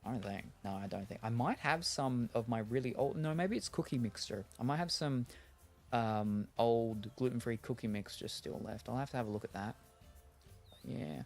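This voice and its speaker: A man's voice: medium pitch, moderate pace, soft background music. A man streaming a game, chatting casually and thinking aloud, with lots of fillers and restarts. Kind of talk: casual chat while gaming.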